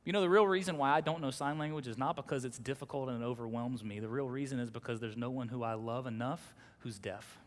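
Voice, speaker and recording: A man's voice: medium pitch, fairly even intonation, fast talker, few pauses. Reverberant preaching man, emphatic. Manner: emphatic, swings from loud exhortation to soft intimacy. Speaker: pastor. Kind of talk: sermon. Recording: long hall reverb.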